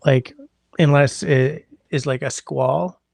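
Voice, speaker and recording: Gravelly man chatting with livestream viewers. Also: fairly high pitch, steady tone, slow, a little mellow, dry recording. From Canada. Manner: rambling, greets chatters by name, hums while scrolling. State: congested sinuses. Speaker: livestream host. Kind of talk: casual livestream chat with viewers. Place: indoors at home.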